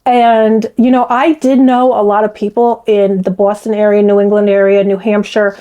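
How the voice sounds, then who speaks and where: A woman commentary vlogger chats casually with her viewers, gossipy and talkative, calling them "you guys." Her mid-range voice has a dark tone and little pitch movement at a normal speed, and the recording is low quality.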